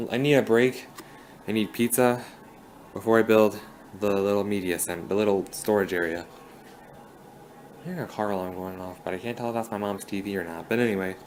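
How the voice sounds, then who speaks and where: A man's voice: fairly low pitch, darkish tone, a little hiss or hum, rough recording. A young man casually vlogging a home project in his bedroom, rambling and often restarting his sentences.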